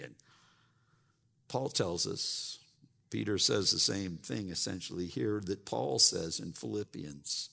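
A man's voice: fairly low pitch, a little slow, gravelly, pushed and bright, husky, big-room sound. A man preaching a sermon as pastor, often repeating words and stumbling into restarts as he builds his point. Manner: repeats words, mimics grumbling churchgoers.

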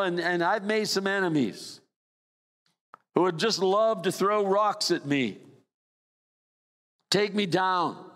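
An older male pastor delivers a sermon slowly and deliberately, in a slightly high voice. He lifts key phrases, then drops low and soft. His voice rings with a long reverb, as if filling a church hall. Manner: preaching with sweeping rises and drops in pitch.

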